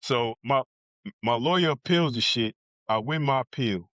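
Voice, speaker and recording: A man's voice: medium pitch, normal speed, a bit bright, no echo, highs cut off. A man from New Jersey telling a blunt, profane story as a podcast guest and acting out other people's lines. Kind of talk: casual storytelling.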